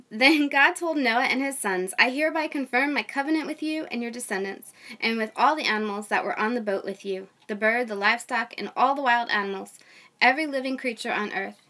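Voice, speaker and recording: A young mom reading scripture aloud at a steady pace, her voice sitting a little high. Between passages she slips into relaxed, friendly asides full of ums and uhs. It sounds like a host talking straight to her regular listeners. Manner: reads steadily, then chats with fillers and light laughs. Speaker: Bible reader and host. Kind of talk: scripture reading with casual commentary.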